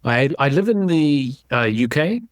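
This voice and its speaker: A man in his sixties from South Africa, with a South African accent softened by English, telling his story at an easy, measured pace as an interview guest over a video call. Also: medium pitch, animated, no room sound. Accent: South African with some English. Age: 60s. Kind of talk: casual interview.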